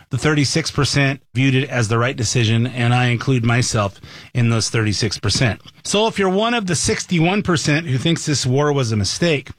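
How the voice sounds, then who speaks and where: A man's voice: medium pitch, no room sound, studio quality. Opinionated male talk show host. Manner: opinionated, conversational. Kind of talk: radio talk commentary.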